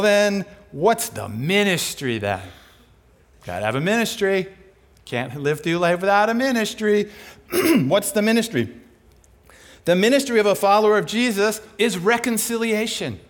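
A man delivering a sermon, his voice a touch higher than most men's and swinging widely in pitch. He talks conversationally and with energy, firing off rhetorical questions and answering them himself. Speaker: preacher.

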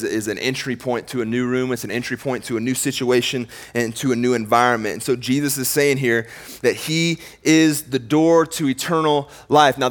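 A man of middle pitch preaches a sermon in a relaxed, conversational way. He swings from loud, emphatic declarations down to hushed, slowed passages, often repeating himself as he goes. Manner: casual, conversational phrasing with frequent repeats. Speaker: pastor.

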